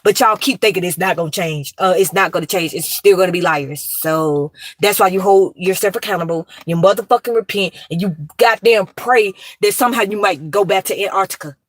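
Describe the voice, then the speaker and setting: A woman's voice: mid-range voice, fairly quick, hardly any pauses, no echo. A woman, ranting emphatically and profanely to her viewers. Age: 30s. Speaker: vlogger.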